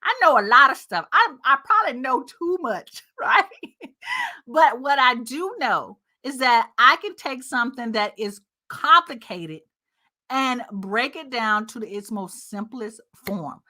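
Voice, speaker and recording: A woman's voice: a little high, expressive, unhurried, bright, forceful tone. A woman marketing coach talking casually and upbeat to her viewers, chatty and direct, calling them y'all. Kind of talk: casual talking-head video.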